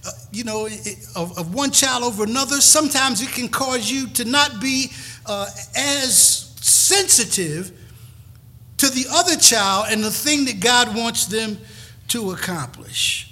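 A man's voice: very high voice, lively intonation, unhurried, sharp tone, faint music behind. A middle-aged male pastor preaching a sermon in a folksy, emphatic way, often repeating words as he builds a point.

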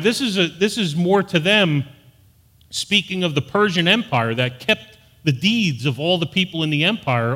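A man's voice: high voice, fairly bright tone. Male preacher in a reverberant hall. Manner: earnest preaching, rising to emphatic peaks. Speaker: pastor. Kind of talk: sermon.

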